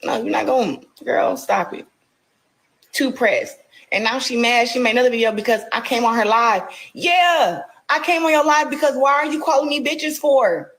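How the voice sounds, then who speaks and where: A woman's voice: on the high side, brisk, a bit bright, poor audio. A woman boxer ranting on a livestream, scolding and confrontational, repeating herself. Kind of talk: heated livestream rant.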